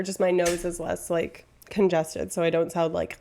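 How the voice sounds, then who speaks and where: A woman's voice: fairly low pitch, level tone, brisk, vocal fry, few pauses, mellow. A woman from Canada, a streamer chatting casually and rambling, laughing often at herself. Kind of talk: casual chat.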